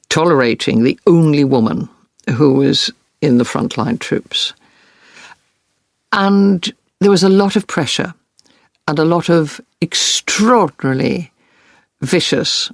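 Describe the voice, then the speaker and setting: Woman reporter telling war stories, bit of gravel in her voice, dry close sound. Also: low-pitched, no room sound. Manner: vivid, earnest recounting. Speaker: war correspondent. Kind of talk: interview storytelling.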